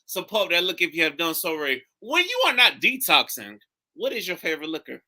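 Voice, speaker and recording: Man, podcast host, casual studio chat, lively swinging pitch, piercing bright tone, cussing. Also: quick pace. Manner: animated, swearing, jokey storytelling. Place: recording studio.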